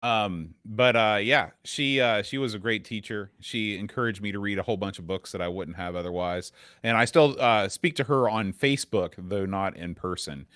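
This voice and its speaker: A man in his thirties co-hosting a casual podcast chat, halting and full of ums and restarts. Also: fairly low pitch, fairly bright tone, clear, resonant tone, no echo, clean studio sound. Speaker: podcast co-host.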